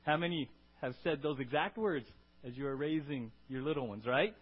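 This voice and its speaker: A man preaching a sermon to his congregation, asking them questions and building to loud, emphatic peaks. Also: mid-range voice, animated, moderate pace, slightly rough, muffled recording. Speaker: pastor.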